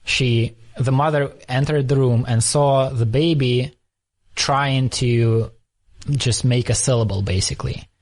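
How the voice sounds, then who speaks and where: A man from the former Soviet Union hosting a conversational interview, telling stories quickly and thoughtfully with frequent restarts. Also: mid-range voice, fairly even intonation. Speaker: podcast host.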